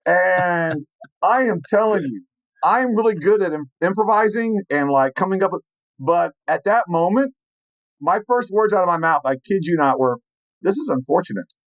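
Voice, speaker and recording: A man telling a story in an animated way, acting out the lines of the people in it. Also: sits high, moderate pace, no echo, low-quality recording. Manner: lively, acts out quoted lines in his story. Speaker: penetration tester telling a story.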